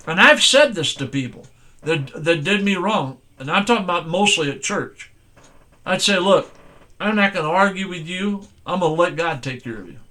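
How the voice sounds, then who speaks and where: An older man preaching a sermon, folksy and plain-spoken, slowing down to read scripture. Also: sits high, a bit bright. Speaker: pastor.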